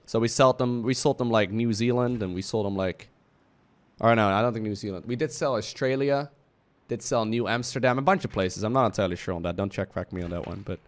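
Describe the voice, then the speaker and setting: A man's voice: fairly low pitch, a little fast. A young man from the Netherlands, casually retelling history as a streamer in a playful, slangy way, acting out quotes in goofy voices.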